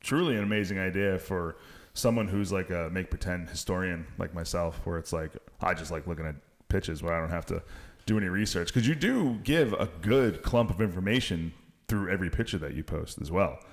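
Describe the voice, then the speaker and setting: A man's voice: sits low, fairly quick. A man co-hosting a casual podcast chat in a laid-back manner, swearing freely.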